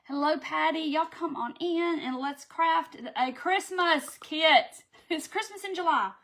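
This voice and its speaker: A woman's voice: high voice, unhurried, fairly bright tone. A woman hosting a casual craft live stream, chatting, greeting viewers by name and laughing often. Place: home craft room.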